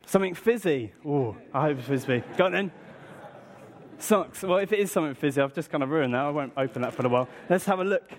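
A man giving a lively children's talk at a church service, acting excited with gasps and questions to the audience. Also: a little high, fast talker. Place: church hall. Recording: long reverb in a large hall, from a distance.

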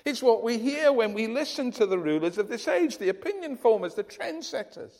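A man's voice: very high-pitched, animated, fairly quick, a little mellow, long reverb tail. A man from the UK preaching a sermon in an earnest, emphatic way, often restarting his phrases. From United Kingdom.

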